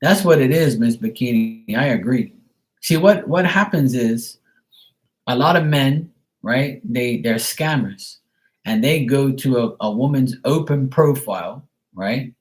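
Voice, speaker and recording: A man's voice: mid-range voice, expressive, measured pace. A man who reads tarot, ranting casually and bluntly on a live stream, swearing freely. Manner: profane, exasperated, blunt. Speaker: tarot reader.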